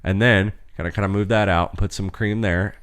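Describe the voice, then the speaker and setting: A man with a fairly low voice tells a rambling story on a casual podcast. His delivery is loose and profane, with sudden jumps in pitch. The sound is dry and close to the mic. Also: steady tone, brisk, a bit bright, smooth, dry recording. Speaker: podcast co-host and restaurant server.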